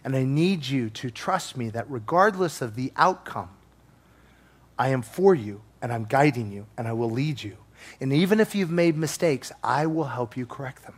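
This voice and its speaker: A man voicing Jesus as calm, gentle and reassuring, in a soft, low voice. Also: a little fast, hardly any pauses, husky, exaggerated voice.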